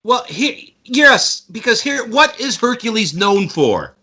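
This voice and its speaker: Podcast guest dude, really bright high voice, rambly and playful. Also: male voice, sing-song, takes it slowly, husky. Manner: rambling, with restarts and mock quotes. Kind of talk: casual movie chat.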